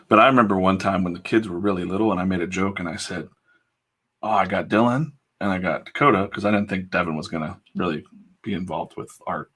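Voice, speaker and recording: A man's voice: deep voice, brisk, fairly bright tone, slightly rough. A middle-aged man, a comic artist, chatting casually while he draws on a live stream, blunt and prone to fired-up pep talks with mild swearing.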